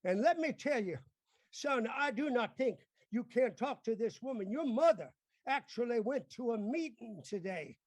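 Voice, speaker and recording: A man's voice: very high voice, lively intonation, moderate pace, dry recording, clean studio sound. A man improvising as a pompous older senator father, blustering and scolding. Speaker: improv stage actor. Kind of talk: improvised mock-Shakespearean stage acting.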